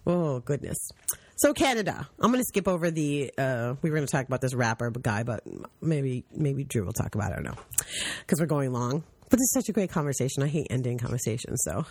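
A woman's voice: extremely low pitch, brisk, slightly rough, no room sound. A woman hosting a podcast in casual chat, blunt and profane, telling stories with mocking asides. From United States. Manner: blunt, profane, animated storytelling with mocking voices. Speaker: podcast host.

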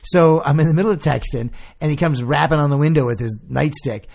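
A man chats casually on a podcast, spinning stories with lots of energy and throwing himself into the quoted lines. His voice is a bit high and full of vocal fry. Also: fairly quick. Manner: animated storytelling, acts out quotes, swears freely. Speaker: podcast co-host. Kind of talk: casual chat.

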